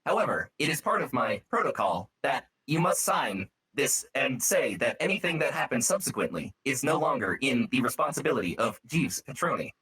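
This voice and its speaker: A man voicing a formal, stiffly polite male robot with a husky voice. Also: medium pitch, sing-song, moderate pace, hardly any pauses, sharp tone, voice pushed up, heavily acted, rough recording. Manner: stiff, overly formal diction.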